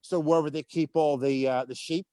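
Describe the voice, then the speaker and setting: A Belfast man, a tour guide, telling stories on a video call with deadpan, sarcastic humour. His voice sits high for a man, and the sound is dry and close. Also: normal speed, clean tone, no room sound. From Northern Ireland. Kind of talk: anecdotal storytelling on a video call.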